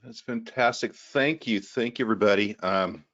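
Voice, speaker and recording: A man giving an energetic webinar presentation over a video call, often repeating words as he goes. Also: lowish voice, moderate pace, lo-fi sound. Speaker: guest presenter from a data company.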